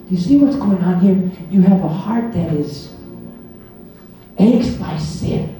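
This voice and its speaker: A middle-aged man preaching a sermon, swinging between hushed passages and loud, excited ones. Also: high voice, unhurried, pauses often, soft background music. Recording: very echoey hall, mic at a distance.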